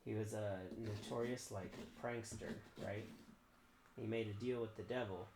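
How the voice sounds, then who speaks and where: Male streamer, casual rambling chat, gravelly voice, roomy noisy room sound. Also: fairly low pitch, steady tone, normal speed. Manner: rambling, with fillers. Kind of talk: casual chat while pumpkin carving. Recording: roomy with clear background noise.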